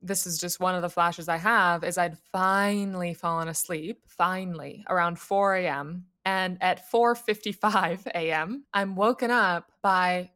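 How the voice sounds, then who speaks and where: An American woman, a young adult, co-hosting a podcast and telling a personal story in a casual, animated way, laughing often. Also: on the low side, unhurried, few pauses. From United States. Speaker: podcast co-host.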